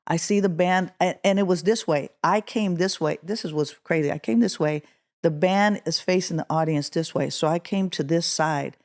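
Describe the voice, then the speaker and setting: A middle-aged woman from Oakland, California, a guest musician telling a story in an interview, acting out the quotes with a rising voice. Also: normal speed. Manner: animated, acts out quotes with rising pitch.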